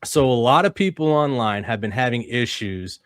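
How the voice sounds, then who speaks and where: A man's voice: medium pitch, animated, moderate pace, no room sound. A man with an ordinary mid-range voice walks through comic storylines. He pushes back on his friends and teases them. The recording is dry and close-miked. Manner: argumentative, teasing. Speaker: podcast host. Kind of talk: casual comic-book chat.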